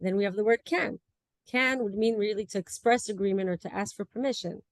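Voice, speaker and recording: A woman's voice: medium pitch, brisk, dry recording. A woman giving a class presentation over a video call, explaining word meanings and examples and laughing now and then. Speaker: student presenter.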